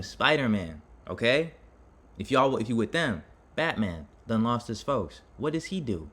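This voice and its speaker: A man's voice: medium pitch, very animated, moderate pace, fairly bright tone, breathy edge. A man giving an impassioned personal monologue to his viewers. He talks in a dramatic, rambling way, restarting his sentences and speaking straight to his audience. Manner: dramatic, addresses listeners directly. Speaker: vlogger on self-improvement.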